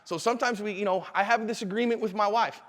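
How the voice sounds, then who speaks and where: High-voiced man teaching in an echoey hall. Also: fast. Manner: animated storyteller, acts out quotes. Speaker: self-defense instructor. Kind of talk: live seminar talk. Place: convention hall.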